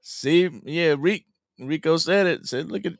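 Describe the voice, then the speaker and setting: A man hosting a live-stream sports fan podcast, talking in a slangy, animated way and reading out comments from the chat. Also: a little high, a little slow, creaky, no room sound, studio quality. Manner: animated, slangy, laughs often. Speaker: podcast host.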